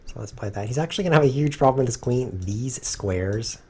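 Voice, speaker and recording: A man streaming himself playing chess, thinking aloud and cracking dry, deadpan jokes in low muttered asides. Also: a little fast, husky.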